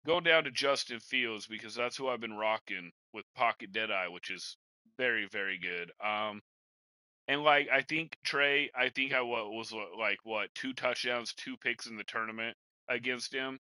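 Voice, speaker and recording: Bright-voiced young man in casual podcast chat. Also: mid-range voice, normal speed, no echo, poor audio. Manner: laid-back, rambling, says bro and man a lot. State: has the hiccups. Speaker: podcast host and Madden gamer.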